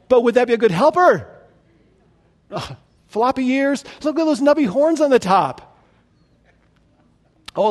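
A man's voice: extremely high pitch, pitched above the performer's own voice, exaggerated voice. A man playfully voicing God as He parades the animals before Adam, bouncing through each one with exaggerated delight.

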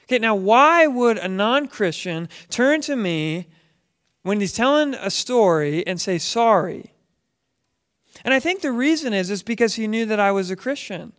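High-voiced man teaching a sermon. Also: expressive, moderate pace, fairly bright tone, clear, resonant tone. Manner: conversational, asks the audience questions. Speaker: Bible teacher. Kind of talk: sermon to a congregation.

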